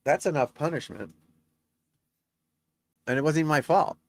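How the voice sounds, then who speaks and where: A man's voice: on the high side, normal speed, creaky, no room sound. A middle-aged man, a golf instructor, chatting on a live stream, reading out scores and talking to viewers in a rambling, talkative way.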